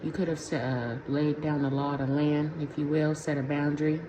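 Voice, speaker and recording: Low-voiced woman giving a tarot reading. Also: flat delivery, brisk, lo-fi sound. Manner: slangy, profane, conversational. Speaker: tarot reader. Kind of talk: casual pick-a-pile tarot reading. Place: home room with a heater. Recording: echoey room with clear background noise.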